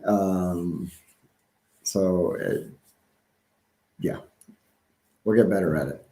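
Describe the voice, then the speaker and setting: A man with a slight Southern accent talks slowly in a low voice, co-hosting a casual live-stream chat. He rambles and halts, with frequent ums and restarts. His voice rings in an echoey room. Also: steady tone, warm tone. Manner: rambling, halting, many ums and restarts, chuckles often.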